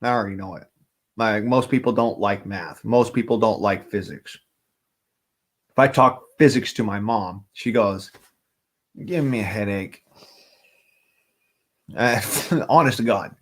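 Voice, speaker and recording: A man's voice: on the low side, normal speed. A man talking casually on a livestream, rambling from thought to thought and swearing often.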